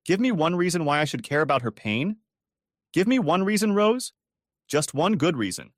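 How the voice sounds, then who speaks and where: A man's voice: mid-range voice, very animated, normal speed, no echo, studio quality, close to an everyday voice. A man playing a bitter, heartbroken mechanic who rants and answers coldly, in a storybook audio reading. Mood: angry. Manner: bitter, ranting, clipped. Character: bitter, heartbroken male mechanic, cold then angry.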